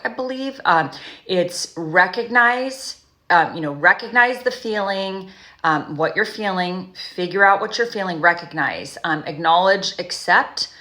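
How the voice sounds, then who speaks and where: A woman speaks as a recovery coach in a loose, conversational monologue, often doubling back and restarting her sentences. Her voice sits a little low but sounds bright and forward. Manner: rambling, self-correcting, frequent "you know" and "right?"; slow, soothing guided breathing. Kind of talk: casual advice monologue to camera.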